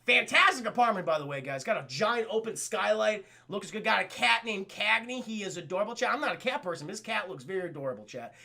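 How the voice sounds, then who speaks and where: A young man giving a casual, profane review of a cartoon episode, talking excitedly to his stream chat. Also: high-pitched, fast, gravelly, hardly any pauses.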